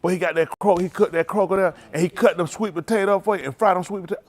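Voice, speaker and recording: A man, a pastor telling food stories to his livestream with laughter and excitement. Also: high-pitched, very fast. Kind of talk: casual livestream storytelling.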